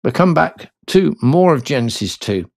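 A man presenting a radio show of hymns and Bible readings, talking in a chatty, musing and gently playful way. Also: a little high, sing-song, moderate pace, creaky, no echo.

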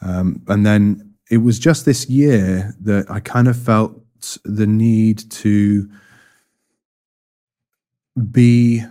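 A man's voice: on the low side, steady tone, extremely slow, dark tone. A man giving a reflective personal testimony in an interview, thoughtful and hesitant, with many fillers and restarts. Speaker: interview guest.

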